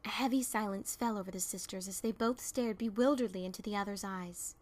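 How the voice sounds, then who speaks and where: A woman's voice: mid-range voice, fairly quick, darkish tone. A woman narrating a fan fiction audiobook, reading expressively and voicing its characters.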